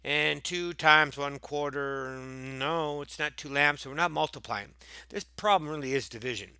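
Goofy math teacher guy, bright clear voice, dry close sound, kinda high for a dude. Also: unhurried, no room sound. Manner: goofy, jokey, breaks into silly voices and asides. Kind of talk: playful math review lesson.

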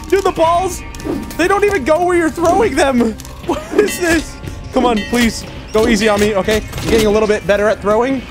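A man playing a VR game and giving casual, excitable, self-mocking commentary. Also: sits high. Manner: excitable, self-mocking, frequent laughs and exclamations. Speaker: gaming YouTuber. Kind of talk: casual let's-play commentary. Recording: commentary over loud game music.

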